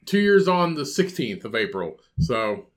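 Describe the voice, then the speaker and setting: A man's voice: medium pitch, very animated, measured pace. A man co-hosting a podcast, teasing offhandedly and swearing in casual banter. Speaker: podcast co-host.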